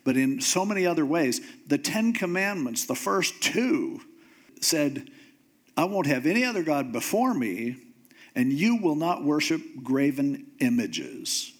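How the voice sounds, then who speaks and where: A man with a fairly high pitch talks a little slowly as he preaches. His pastoral storytelling is animated and conversational, and he voices God and Moses as he retells their exchange.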